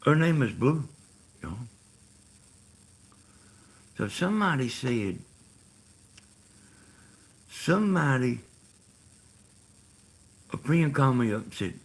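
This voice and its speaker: A man's voice: medium pitch, sing-song, takes it slowly, vocal fry, long pauses, husky. A middle-aged man with a Georgia Southern accent talking casually and rambling on a live stream. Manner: meandering, full of "you know" and "like".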